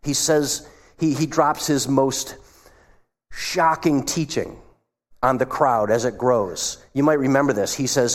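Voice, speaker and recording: A man preaching a sermon as pastor, retelling scenes and dropping his voice low for asides. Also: a little slow. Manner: acts out quoted voices, drops to a hush for asides. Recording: long hall reverb.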